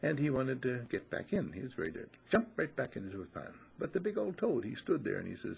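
A man's voice: medium pitch, a little fast, vocal fry, few pauses, husky. A man giving an inspirational talk, telling a folksy parable with plenty of fillers. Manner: lively, folksy storytelling with fillers. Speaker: inspirational speaker.

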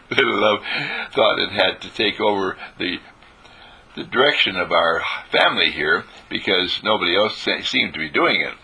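A man giving an informal spiritual talk, telling stories and repeating phrases for emphasis, clearing his throat now and then. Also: low-pitched, expressive, normal speed, pushed and bright.

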